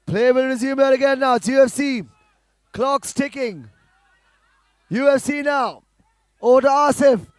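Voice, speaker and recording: A man giving live play-by-play commentary on a football match, calling passes quickly and rising to shouts at goals. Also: very high voice, clear, resonant tone, no echo, studio quality.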